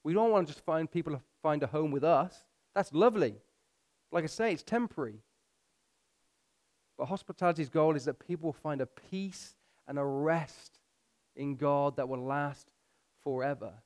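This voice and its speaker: A man with a fairly high voice preaching to his church. He climbs in pitch and volume to drive points home, then slows right down to read scripture aloud. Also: darkish tone. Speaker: pastor. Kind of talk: sermon.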